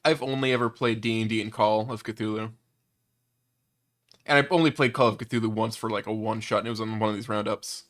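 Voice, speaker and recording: A man's voice: fairly low pitch, fairly even intonation, fairly quick, a bit bright. A young man chatting casually as a co-host, joking and self-deprecating. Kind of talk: casual chat.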